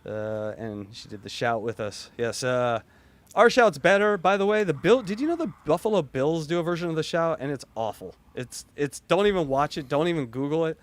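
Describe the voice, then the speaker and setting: A man co-hosting a casual sports podcast, loud, profane and jokey. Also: fairly high pitch, expressive, normal speed. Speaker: podcast co-host.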